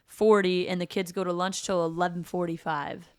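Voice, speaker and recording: A woman's voice: lowish voice, little pitch movement, normal speed, clear, resonant tone, no room sound, studio quality. A woman co-hosting a podcast, chatting in an earnest, agreeable way. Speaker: podcast co-host, middle school teacher. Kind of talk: casual podcast chat.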